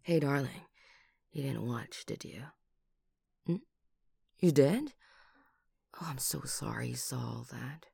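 Woman doing a husky, murderous doting lover. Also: a bass voice, no echo, heavily acted. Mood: tender. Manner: breathy whispers with sudden loud outbursts. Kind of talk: whispered role-play.

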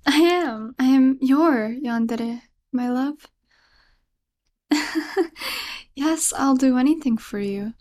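Clingy yandere girlfriend, voiced by a young woman, for a whispered role-play: unhurried, tender, stammering, giggling. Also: high-pitched, a little mellow. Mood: nervous, apologetic.

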